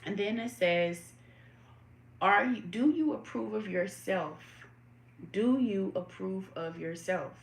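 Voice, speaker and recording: Speaking slowly in a medium-pitched voice, a woman hosts a live tarot stream, greeting viewers by name and asking them reflective questions. The recording has a roomy echo.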